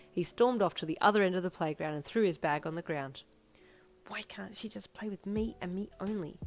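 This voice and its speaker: A woman reading her fanfiction aloud in a gentle storytelling manner. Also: low-pitched. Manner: gentle storytelling, chatty sign-off. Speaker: fanfiction narrator. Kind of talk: scripted narration. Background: soft piano music.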